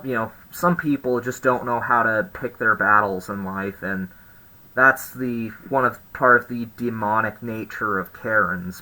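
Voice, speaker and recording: A man's voice: mid-range voice, bright, forceful tone, rough recording. A young man vlogging, telling a story in a rambling, sarcastic, exasperated way. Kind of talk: casual storytelling to camera.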